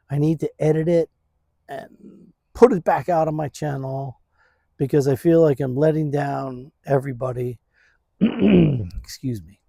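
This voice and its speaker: A man vlogging casually outdoors in his backyard, talking slowly into a phone on a stand, rambling and laid-back, saying "man" and "dude" a lot. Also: fairly high pitch, gravelly, warm tone, no room sound, clean studio sound. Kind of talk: casual vlog chat.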